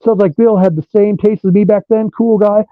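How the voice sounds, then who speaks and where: High-voiced swearing rock guitarist. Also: male voice, fairly quick, no room sound, faint music behind. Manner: animated, swears freely. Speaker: guitarist guest. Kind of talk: profane storytelling interview. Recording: dull lo-fi dry sound.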